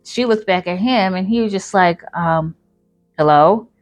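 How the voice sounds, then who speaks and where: A woman's voice: medium pitch, moderate pace, soft background music. A woman casually telling a story, rambling with lots of fillers. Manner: rambling, filler-heavy retelling.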